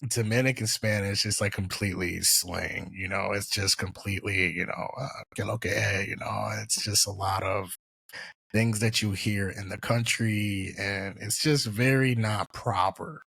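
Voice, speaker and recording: A man with a low, gravelly voice and a husky edge hosts a relaxed podcast conversation. He speaks in an easygoing, meandering way, full of "um" and "you know." The sound is close and dry. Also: a little slow, no echo. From US East Coast. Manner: easygoing, rambling, frequent fillers. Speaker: podcast host. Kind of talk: casual interview chat.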